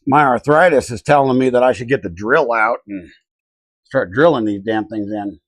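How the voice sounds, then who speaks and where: A man's voice: medium pitch, moderate pace, no echo. A middle-aged man from Colorado hosting a casual live stream, talking to himself and his chat while he works. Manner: muttering to himself, reading chat aloud. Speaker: livestream host.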